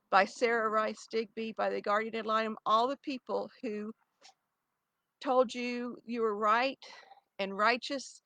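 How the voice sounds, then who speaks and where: A woman's voice: a little high, a bit bright, rough recording. A middle-aged woman talking straight to camera in a rambling, pleading monologue with many restarts and fillers, close to tears. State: near tears. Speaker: vlogger addressing her ex. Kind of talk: emotional direct-to-camera monologue.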